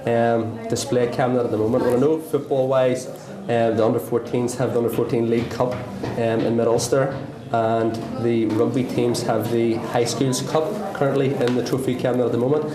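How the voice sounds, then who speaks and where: A man, a school sports teacher, answering interview questions with many ums and pauses. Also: medium pitch, flat delivery. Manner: hesitant, many ums, thinks aloud. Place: busy school hall. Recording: echoey hall with crowd chatter.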